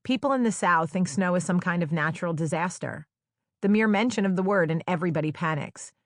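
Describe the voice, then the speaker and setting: A woman's voice: on the low side, fairly quick, dry recording. A woman from New Jersey narrating her own memoir audiobook in a wry, conversational storytelling manner with playful quoted dialogue, recorded on a close studio microphone. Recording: dry, close studio sound.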